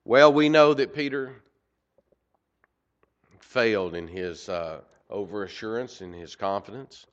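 A man preaching a sermon, swinging from loud emphasis to quiet asides. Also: lowish voice, lively intonation, unhurried, pauses often. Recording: dull lo-fi recording.

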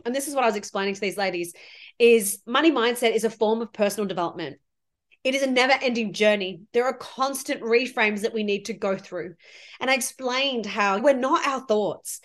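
Effusive woman podcast coach, fairly high voice. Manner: heartfelt, effusive, spiritual coaching talk. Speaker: podcast host and money mindset coach. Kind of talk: solo podcast monologue.

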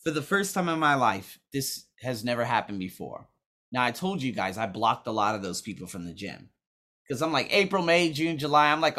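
A young man tells a story in a loose, profane, animated way. His pitch swings widely, and his voice sits a little high for a man. He acts out other people's lines with big jumps in volume. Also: moderate pace. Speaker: vlogger. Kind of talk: casual storytelling.

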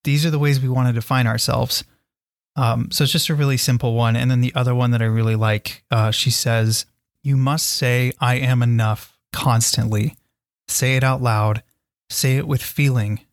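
A man's voice: mid-range voice, steady tone, moderate pace, no echo, studio quality. A man hosting a solo self-help podcast, talking earnestly and encouragingly to his listeners. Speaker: podcast host.

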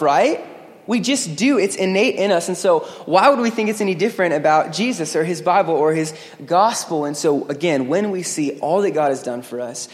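A man preaching a lively sermon as pastor, joking with the congregation. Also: on the high side. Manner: energetic, joking, acts out quoted voices. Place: church sanctuary. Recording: long hall reverb.

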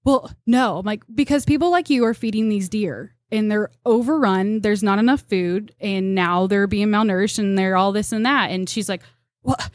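A young woman, a deer tracker on a podcast, telling animated stories and acting out quotes with laughs. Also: medium pitch, normal speed, few pauses, dry recording, clean studio sound. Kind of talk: casual storytelling chat.

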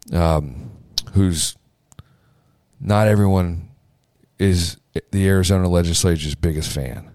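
A man's voice: sits low, darkish tone, no room sound, clean studio sound. A man hosting a political podcast, talking off the cuff with fillers, restarts and emphatic repeated phrases. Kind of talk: casual political commentary.

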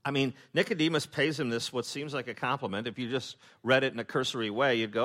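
A man's voice: mid-range voice, quick pace, hardly any pauses, fairly bright tone. Man preaching in a loose, joking style. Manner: humorous, acts out quoted voices; loose, with many fillers and restarts. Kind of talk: conversational Bible teaching.

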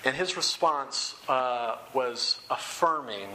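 A young man speaking for a campus ministry gives a slow sermon to a seated audience in a room of chairs, earnest and conversational, restating phrases as he goes. His mid-range voice is bright and forceful, captured on a rough recording with slight background noise.

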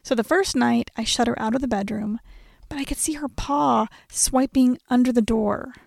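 Creaky-voiced woman host narrating. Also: a little high, normal speed, darkish tone, no room sound, clean studio sound. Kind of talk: scripted narration.

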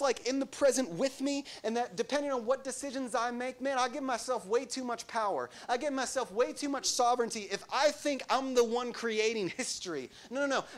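High-voiced man preaching a sermon. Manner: rhetorical questions to the congregation, emphatic repetition. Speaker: pastor.

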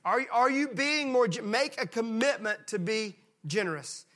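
A man from Mississippi, preaching a sermon with emphatic delivery that slows down to stress key points and drops into quiet voices when acting out folksy characters. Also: very high voice. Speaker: pastor.

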